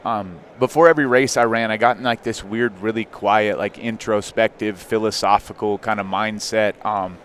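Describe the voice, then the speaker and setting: A man in his thirties, a podcast guest, telling a personal story in a candid, animated way with frequent fillers. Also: on the low side, moderate pace, few pauses. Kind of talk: casual storytelling.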